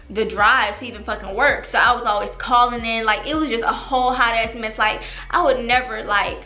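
Young woman, AAVE speech, bright tone, roomy echo, faint music under; animated, profane storyteller. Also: a little high. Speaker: vlogger. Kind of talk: storytime vlog. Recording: echoey room with music behind.

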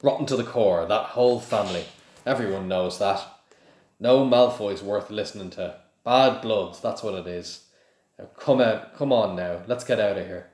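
A huge, gruff and kindly man, blunt and low-voiced, as a man reading aloud puts him on. The reading carries a roomy echo. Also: normal speed, a little mellow, close to an everyday voice.

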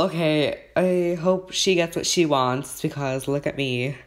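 Slow-talking nervous young gamer guy. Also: on the high side. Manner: excitable, keeps saying how nervous and shaky he is. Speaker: gaming channel host. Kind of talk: casual gameplay commentary.

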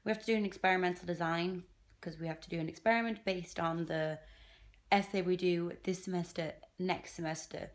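A young woman chats to the camera in a loose, rambling vlog. Her voice sits a little low, and she pokes fun at herself. Now and then she trails off into a near-whisper. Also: steady tone, a little fast. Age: young adult. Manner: chatty, self-deprecating, rambling asides; drops to a near-whisper at times. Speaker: vlogger, university student. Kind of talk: casual vlog chat to camera.

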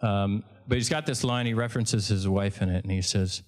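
A man's voice: lowish voice, fairly even intonation, brisk, few pauses. A man, a fishing guide, telling a story at a live event in a conversational way, often restarting and correcting himself.

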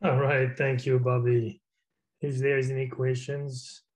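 A man's voice: medium pitch, flat delivery, takes it slowly, low-quality recording. A man chairing a video-call meeting in an easygoing, chatty way, with hesitant fillers. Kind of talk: casual meeting talk.

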